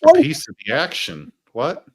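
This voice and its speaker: A man's voice: a little high, wildly swooping pitch, moderate pace, darkish tone. A man co-hosting a livestream watch party, greeting viewers and making laid-back, wry jokes. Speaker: co-host.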